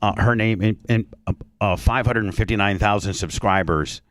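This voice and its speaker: A man's voice: lowish voice, moderate pace, fairly bright tone, dry recording, clean studio sound. A man hosting a radio show, talking casually and rambling with many restarts.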